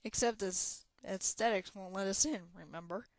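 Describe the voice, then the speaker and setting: Lady reading as a glum anxious young guy, low-key, dry close sound. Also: moderate pace, no room sound, lightly acted. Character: anxious young male hero, plain-spoken. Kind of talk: audiobook character voice.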